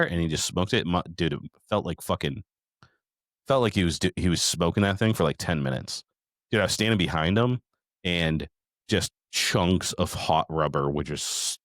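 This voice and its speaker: Deep-voiced profane podcast host. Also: male voice, fairly bright tone, dry recording, clean studio sound. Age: middle-aged. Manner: profane, rambling storytelling. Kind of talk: casual recap chat.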